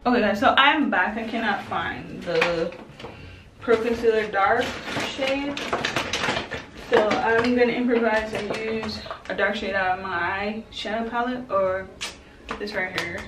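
A woman's voice: mid-range voice, a little slow, distant mic, very noisy. A young woman chatting casually through a makeup routine for her viewers, loose and slangy. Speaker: beauty vlogger. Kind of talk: casual makeup tutorial chat. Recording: roomy and off-mic with music.

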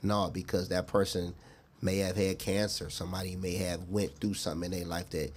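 A middle-aged man talking earnestly as a guest in a casual interview, reflective and quick to laugh. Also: sits low, little pitch movement, a little hiss or hum.

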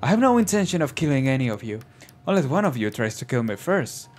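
A gamer reading out the lines of a cold, guarded teenage girl assassin with flat, blunt delivery, in a lively voice. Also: mid-range voice, fast, soft background music, pitched below the performer's own voice. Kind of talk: reading game dialogue aloud.

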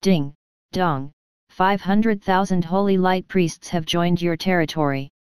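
A woman's voice: lowish voice, measured pace, clear, resonant tone, no room sound, close to an everyday voice. A woman voicing a game system that announces notifications in a formal, announcing way.

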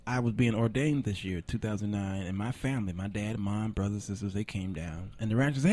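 A man, a preacher hosting a talk show, telling a lively story and laughing often. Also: lowish voice, fast, hardly any pauses. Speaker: host and preacher.

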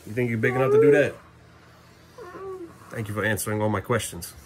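A father filming at home, chatting playfully with his young sons in a sing-song voice. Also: fairly quick. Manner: playful, sing-song baby talk to the kids, often jumping up high. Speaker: father and vlogger. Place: family home, kids' bedroom. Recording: noisy home video.

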